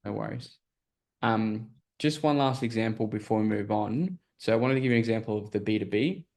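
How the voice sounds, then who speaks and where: A man's voice: lowish voice, fairly quick, a little mellow. A man coaching a group on a call, explaining sales questions in a casual, filler-heavy way and often checking that listeners follow.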